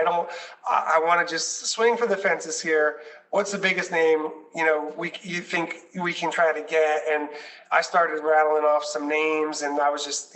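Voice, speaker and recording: Chatty man, slightly high voice. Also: fairly bright tone, recorded from a distance, rough recording. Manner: enthusiastic storytelling with many fillers. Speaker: nonprofit leader. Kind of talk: conversational interview chat.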